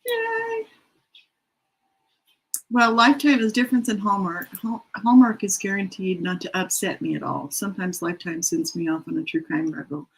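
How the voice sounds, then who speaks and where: A woman's voice: mid-range voice, steady tone, brisk, hardly any pauses, a little hiss or hum, low-quality recording. A middle-aged woman hosting a writing sprint stream from her home, chatting casually and rambling with self-deprecating asides. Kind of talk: casual livestream chat, reading out comments. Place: home room.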